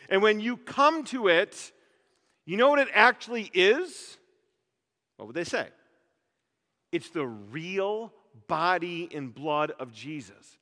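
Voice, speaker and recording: High, bright-voiced joking preacher. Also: male voice, slow, long pauses, big-room sound. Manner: animated, joking, full of rhetorical questions. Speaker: pastor. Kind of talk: sermon.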